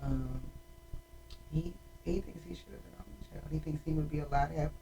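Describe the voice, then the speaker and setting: A woman in her forties hosting a casual chat, telling animated, emotional stories about her family. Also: low-pitched, a little fast, creaky, recorded from a distance, slight background noise, low-quality recording. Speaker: host.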